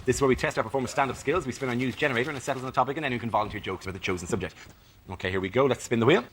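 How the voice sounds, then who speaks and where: A man hosting a comedy panel show, brisk and wry. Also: mid-range voice. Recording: noisy studio with loud audience.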